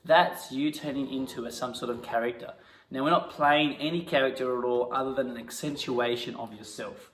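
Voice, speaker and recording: A man teaching an acting lesson, jumping into loud, indignant improvised scenes. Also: medium pitch, steady tone, a little fast. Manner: bursts into loud indignant outbursts during scenes. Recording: echoey room.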